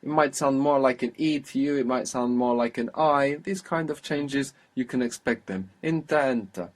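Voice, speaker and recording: A man's voice: mid-range voice, moderate pace. A man teaching a language lesson, patiently prompting his student with questions and repeating the answers.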